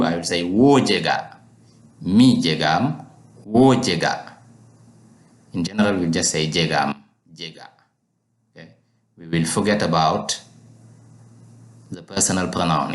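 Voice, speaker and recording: A man's voice: deep voice, reverberant. A man teaching a language lesson, patiently repeating each word for learners to drill.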